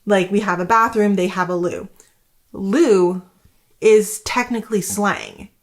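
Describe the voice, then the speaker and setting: A woman's voice: medium pitch, fairly even intonation, a little slow. A woman from Canada, in her thirties, talking casually to camera about homeschooling, rambling with many fillers. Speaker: homeschooling vlogger.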